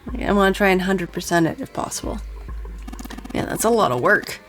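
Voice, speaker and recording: A woman's voice: mid-range voice, animated, a little fast, soft background music. A woman streaming a game, chatting casually and playfully, laughing and reading lines aloud. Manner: playful and giggly, reads game dialogue aloud. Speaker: gaming streamer. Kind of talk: casual let's play commentary.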